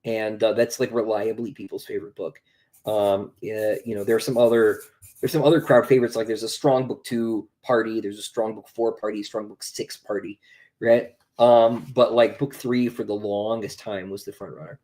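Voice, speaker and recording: A man's voice: fairly low pitch, steady tone, normal speed, dark tone. A young man, an author, chatting casually on a livestream, reading out viewer questions and answering with lots of ums and restarts. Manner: rambling, many ums and restarts, reads questions aloud.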